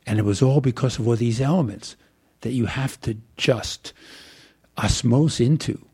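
An older man, an actor, telling rambling, animated stories in an interview. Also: medium pitch, normal speed, husky. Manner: animated, digressive storyteller. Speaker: actor guest. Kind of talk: rambling anecdotal interview talk.

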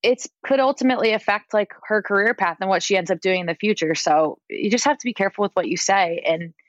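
A woman's voice: mid-range voice, fast talker, no echo, highs cut off. A woman guest on a podcast in casual chat, talking loosely with frequent "like" fillers. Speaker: podcast guest, entertainment editor.

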